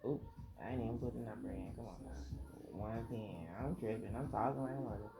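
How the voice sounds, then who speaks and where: A woman's voice: very deep voice, brisk, gravelly. A woman tarot reader doing a casual reading, rambling, thinking aloud and swearing freely.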